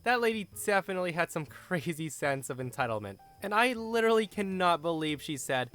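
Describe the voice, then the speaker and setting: Casting note: lively male storyteller, a bit high-pitched, faint music underneath. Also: a little fast, few pauses, clean tone. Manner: expressive, animated narration. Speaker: storyteller narrating online posts. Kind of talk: narrated story reading with commentary.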